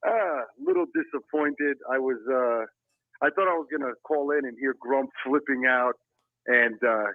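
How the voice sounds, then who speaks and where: A man's voice: mid-range voice, animated, normal speed, no echo. Male phone-in caller from Pennsylvania, laid-back and reassuring, thin dry phone sound. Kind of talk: phone-in sports chat. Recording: tinny phone line.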